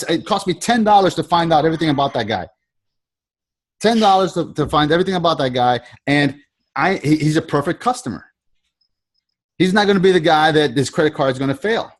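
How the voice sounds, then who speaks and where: A man with a somewhat high voice coaches a group over a video call. He rambles in a loose, casual way, restarting sentences and circling back to the same phrases. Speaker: sales trainer leading a group call.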